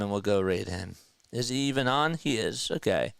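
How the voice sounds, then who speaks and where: A young man calling a baseball game play-by-play on his own stream, chatting with viewers between pitches. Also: expressive, normal speed, creaky, fairly bright tone, clean tone. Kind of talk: casual live play-by-play commentary.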